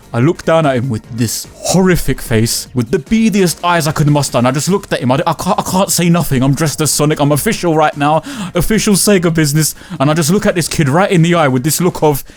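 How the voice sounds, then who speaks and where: A man telling a story casually, swearing and slipping into slang as he acts out what people said. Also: on the high side. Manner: animated, swears freely, slangy, acts out quotes.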